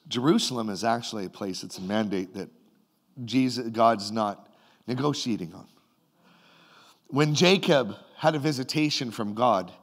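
Canadian man preaching an animated sermon. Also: medium pitch. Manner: animated, retells a vision in a rising and falling voice. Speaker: pastor. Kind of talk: sermon storytelling.

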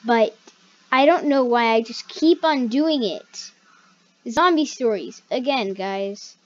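A woman hosts a gaming video in casual gameplay commentary, with a slightly high voice. She talks slowly but in an excitable, chatty way and yelps when something startles her. The recording sounds dull and lo-fi.

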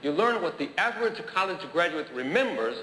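A comedian doing an Italian-accented deadpan joker. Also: male voice, high voice, a little fast, heavily acted. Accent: fake Italian. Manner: dry comic patter. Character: deadpan Italian-accented man pitching a silly school. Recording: echoey hall, noisy, audience laughter.

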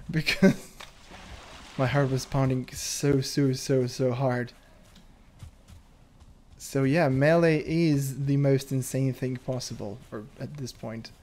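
Guy chatting thru a game, nervous little laughs, middle pitch, faint hiss behind. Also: steady tone, takes it slowly, long pauses, darkish tone. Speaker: gameplay commentator. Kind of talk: casual gameplay commentary.

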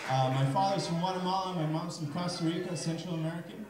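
A man's voice: on the high side, fast talker, background noise. A man from Canada, a live music entertainer doing upbeat, chatty stage banter and coaxing the audience on a live stage. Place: large hall, live stage. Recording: echoey hall, music behind.

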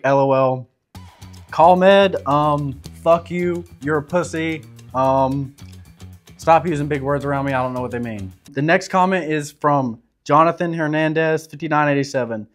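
A brash young man with a Southern drawl reads viewer comments and fires back crude, cocky jokes. His voice sits a little high for a man. Soft music plays faintly under him. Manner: brash, crude, joking bravado. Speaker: show guest reading comments. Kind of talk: casual comment reading.

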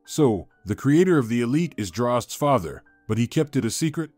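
A man's voice: medium pitch, animated, moderate pace, darkish tone, dry recording, soft background music, natural voice. A man reading the part of a young woman, exclaiming and upset. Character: young woman, anxious and teasing friend.

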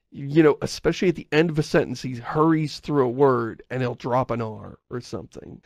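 A man's voice: on the high side, normal speed, gravelly, a little mellow, no echo. A man co-hosting a podcast in casual chat, rambling and correcting himself as he goes, often chuckling. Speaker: podcast co-host.

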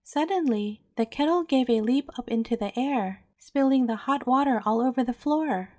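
Female storyteller, gentle and measured, warm mellow read for bedtime tales. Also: high-pitched, no echo.

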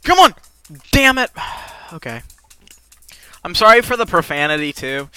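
A let's play gamer giving live commentary who rages and swears, with sudden yells between low muttering. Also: very animated, normal speed, pauses often, clean tone, no echo. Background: faint game music.

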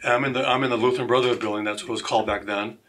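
Bright-voiced man telling a testimony. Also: mid-range voice, very fast. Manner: animated, acts out quoted voices. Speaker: guest. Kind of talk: storytelling testimony.

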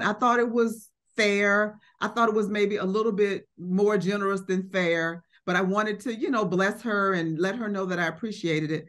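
Woman telling a reflective story. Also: mid-range voice. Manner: reflective, warm storytelling with acted quotes and frequent fillers. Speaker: art collector. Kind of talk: conversational storytelling.

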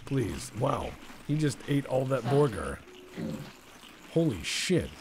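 Male gameplay commentator, gravelly and husky, rambling and jokey, lively pitch swings. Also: slow pace, slight background noise. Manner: jokey, deadpan asides with sudden loud outbursts.

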